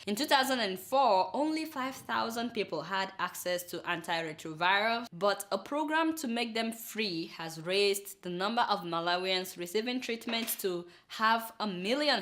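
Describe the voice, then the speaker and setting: Lively bright-voiced Nigerian woman host. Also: mid-range voice. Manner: animated, exclamatory, chatty asides to viewers. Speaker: satirical news show host. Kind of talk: comic news commentary.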